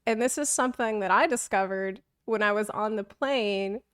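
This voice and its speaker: A woman's voice: medium pitch, normal speed, clean tone, no echo, clean studio sound. A young woman streamer chatting casually, telling rambling, self-deprecating stories and laughing often. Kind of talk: casual chat.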